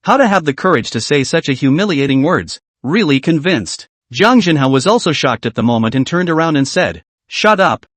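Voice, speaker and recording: A man's voice: on the high side, lively intonation, fairly quick, few pauses, no echo. A man narrating a dramatic story recap in a scripted way.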